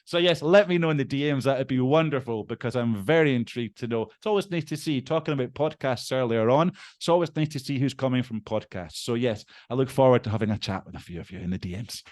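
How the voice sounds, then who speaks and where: A man's voice: medium pitch, fast, few pauses. Chatty man, casual and self-mocking. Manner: chatty and animated, swears casually; self-deprecating, laughs at himself. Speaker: podcast guest. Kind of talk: casual chat.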